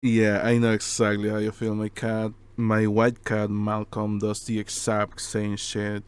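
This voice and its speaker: A man's voice: on the low side, monotone, unhurried, smooth, dry recording. A man co-hosting a podcast in casual chat, laughing often and swearing, with some non-native phrasing. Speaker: podcast co-host.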